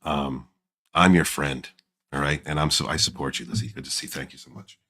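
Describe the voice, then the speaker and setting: A man putting on a deep, slow, crooning seducer voice in the style of a soul singer, talking to his livestream chat. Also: sharp tone. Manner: low, slow, suggestive crooning.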